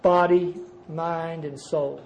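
An older man with a fairly high voice gives a personal recovery testimony to a conference audience. He tells his story emphatically, jumping from loud outbursts to quiet, dropped-off asides, and a faint hiss of noise sits under his voice. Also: steady tone, slow pace, lo-fi sound. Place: conference gathering before a live audience.

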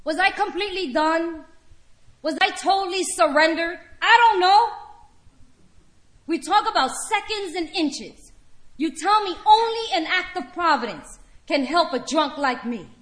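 Bright, high-voiced woman telling her recovery story. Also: expressive, unhurried, roomy sound. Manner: candid storytelling with wry laughs. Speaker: recovery meeting speaker. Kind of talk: personal testimony share.

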